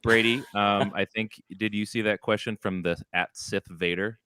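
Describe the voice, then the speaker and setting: A man with a lowish, smooth, resonant voice hosts a casual chat in a laid-back way, dropping joking asides. The sound is dry and close. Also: fairly even intonation, moderate pace, bright, forceful tone, no room sound.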